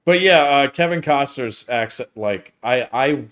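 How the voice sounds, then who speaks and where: A man's voice: mid-range voice, animated, a little slow, a bit bright. Rambling man co-hosting a review chat. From United States. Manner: rambling, many "like"s. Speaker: film review co-host. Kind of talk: casual chat.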